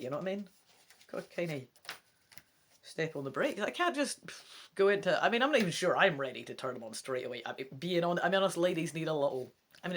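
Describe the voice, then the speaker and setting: A Scottish woman with a fairly low voice whose pitch moves a lot, reading a gamebook aloud. She stops often for cheeky, chatty asides and talks straight to her viewers. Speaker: let's play reader.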